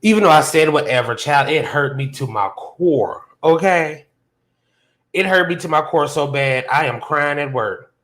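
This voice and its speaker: A man hosting a casual livestream chat, telling a story from work in an animated way and jumping high in pitch when he quotes himself. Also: a little slow. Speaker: podcast host. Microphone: phone on a hotspot.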